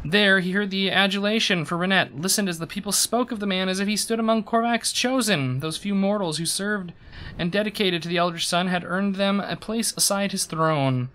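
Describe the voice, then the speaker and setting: A man's voice: high-pitched, brisk, pushed and bright. A young man streaming a game, reading its lore aloud with drama and then chatting casually with his viewers. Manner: dramatic storyteller reading, loose and chatty between reads.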